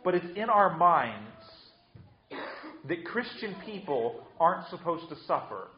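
A man's voice: a little high, big pitch swings, unhurried, reverberant, highs cut off. A man preaching a sermon with emphatic delivery, often repeating words as he restarts. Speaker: pastor.

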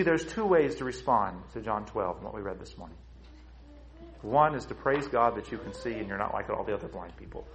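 A man preaching a sermon to his congregation, swinging between loud, high emphasis and low, quiet stretches, and asking them rhetorical questions. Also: rough recording. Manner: emphatic preaching with big swings in pitch and loudness. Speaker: pastor.

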